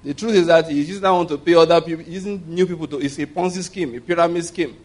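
A pastor with a fairly high pitch talks fast while preaching a sermon. He keeps asking the congregation if they hear him and leads them in repeating his words, call-and-response style, with laughs.

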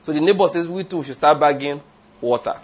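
A man's voice: a little high, brisk, husky. A man preaching a sermon, emphatic, asking the congregation rhetorical questions and drifting into tangents. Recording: dull lo-fi sound.

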